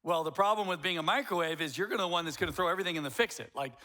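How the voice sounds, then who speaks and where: Racing along in a high voice, a middle-aged man preaches as pastor, animated and performing the voices he quotes.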